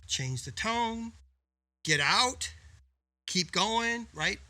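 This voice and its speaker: Man, podcast co-host, emphatic coaching delivery, bright tense tone. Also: high voice, expressive, extremely slow. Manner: emphatic, coaching tone with rhetorical "right?". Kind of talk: casual business podcast talk.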